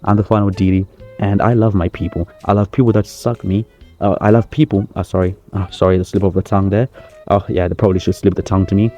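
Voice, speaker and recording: A man's voice: low-pitched, steady tone, fast talker, dark tone, muffled recording, soft background music, close to an everyday voice. A man playing a boastful male wrestling star who rambles through a comedy press conference. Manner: cocky, rambling, self-praising. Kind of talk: comedy sketch.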